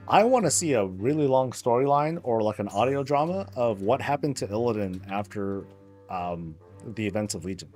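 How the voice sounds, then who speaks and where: A man's voice: fairly low pitch, a little mellow. A man streaming, chatting casually, rambling and joking, swearing freely. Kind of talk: casual chat.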